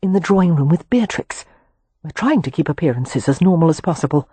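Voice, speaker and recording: A woman reading a calm, confident young woman who comforts her younger sister in a historical romance audiobook. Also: sits low, fairly quick, breathy edge, dry recording. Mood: reassuring. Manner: firm, soothing.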